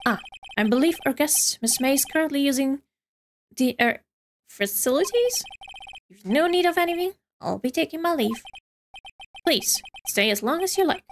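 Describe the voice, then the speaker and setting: A woman's voice: high voice, lively intonation, moderate pace, pauses often, slight background noise. A woman voicing a polite young male hotel bellboy, reading game dialogue aloud in a formal, deferential way. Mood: courteous. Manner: formal, deferential, keeps saying sir.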